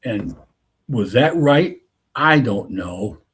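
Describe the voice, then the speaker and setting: Husky man telling an umpiring story. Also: medium pitch, lively intonation, takes it slowly, a bit bright. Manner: rambling anecdote full of restarts and asides. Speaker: softball umpire and show host. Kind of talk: casual storytelling.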